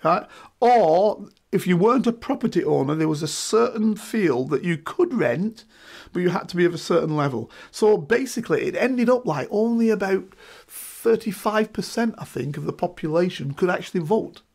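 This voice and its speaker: Creaky and high-pitched, this middle-aged man's voice moves at a moderate pace. He joins a casual discussion as a guest, speaking with animated emphasis and punctuating points with "right?"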